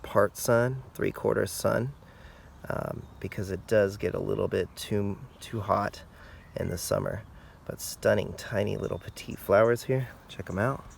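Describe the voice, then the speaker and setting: A man hosting a casual outdoor garden tour, explaining plants in a relaxed, informal way. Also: fairly low pitch, creaky, a little hiss or hum. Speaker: garden channel host.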